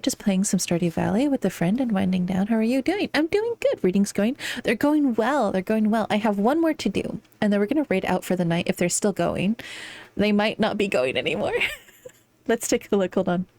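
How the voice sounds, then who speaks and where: Her mid-range, slightly mellow voice runs a little fast as she livestreams. This young woman chats fondly with viewers, giggling and slipping into playful baby talk in between tarot readings.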